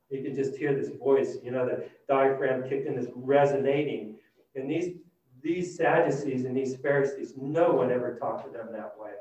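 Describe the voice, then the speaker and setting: A man preaching a sermon, retelling a scripture story with animated, dramatic shifts between loud and hushed delivery. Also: medium pitch, moderate pace. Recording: distant, dull and very echoey.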